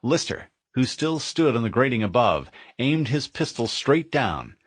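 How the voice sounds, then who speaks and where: A man narrating a military science-fiction audiobook in a vivid, expressive storytelling manner. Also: medium pitch, measured pace, breathy edge, no echo, clean studio sound.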